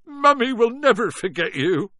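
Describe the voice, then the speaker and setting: A man doing a gruff, sobbing giant of a gamekeeper. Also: mid-range voice, sing-song, normal speed, pushed and bright, no echo, clean studio sound, voice pushed up. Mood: tearful. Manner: gruff, puffing, breaking into sobs. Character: huge soft-hearted male gamekeeper, tearful.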